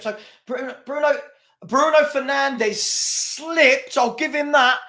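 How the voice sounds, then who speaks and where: A man hosting a live football watchalong, commentating excitably and exasperatedly and often laughing. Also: extremely high pitch. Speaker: fan channel host.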